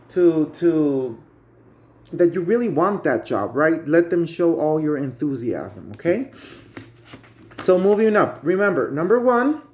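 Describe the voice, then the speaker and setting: A native Spanish speaker with a Guatemalan accent teaches a casual spoken English lesson, his voice a little high for a man and the audio dull. Chatty and friendly like a teacher, he keeps turning to his viewers and calling them "guys."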